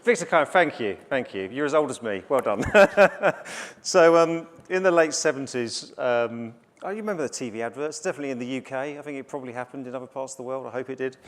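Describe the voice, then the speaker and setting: Brief: middle-aged man presenting at a business conference, chatty, loose with fillers, medium pitch. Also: fast talker. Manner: conversational, frequent fillers and restarts. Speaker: conference speaker. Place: conference stage.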